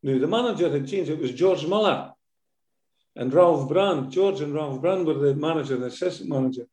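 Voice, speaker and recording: A man's voice: fairly high pitch, fairly quick, darkish tone, echoey room. An older man with a Scottish accent, a former footballer telling stories in a casual interview, full of fillers and tag questions.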